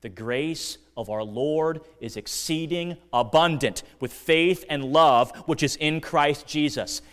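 A man preaching a sermon as pastor, earnest and deliberate, dropping to quiet lines and rising to emphatic ones. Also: on the high side, clear, resonant tone, in a large hall. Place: church sanctuary.

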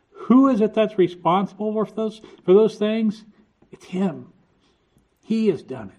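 A man's voice: fairly high pitch, a little mellow. Earnest male preacher, muffled recording. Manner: earnest, repeats words while restarting phrases. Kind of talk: sermon. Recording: dull lo-fi recording.

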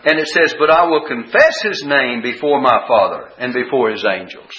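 Bright-voiced older preacher teaching scripture. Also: male voice, medium pitch, lively intonation, moderate pace. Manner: explains verse by verse, repeats phrases for emphasis. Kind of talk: Bible teaching sermon. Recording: dull lo-fi church recording.

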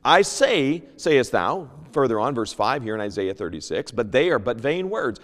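A man teaching a Sunday school lesson, reading King James scripture aloud and moving between loud emphasis and hushed asides. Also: medium pitch, very animated, normal speed, in a large hall. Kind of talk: Bible teaching, sermon. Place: church.

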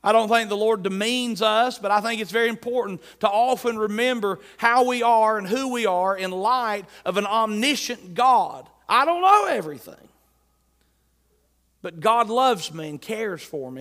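A man's voice: sits high, moderate pace, fairly bright tone, in a large hall. A man preaching a sermon, reading scripture aloud and driving points home by repeating key phrases. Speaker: pastor.

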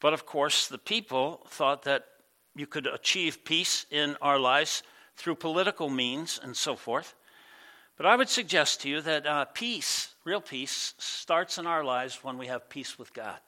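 A male pastor with a bright, fairly high voice delivering a church sermon. He talks loosely and conversationally, swinging from loud bursts to hushed, tender passages. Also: measured pace. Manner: conversational preaching with many fillers, rising loud then dropping soft.

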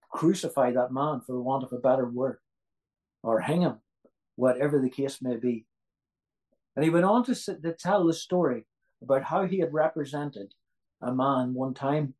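A man's voice: medium pitch, darkish tone, poor audio. A man preaching a sermon in an earnest way, who repeats key phrases for emphasis and asks his listeners rhetorical questions.

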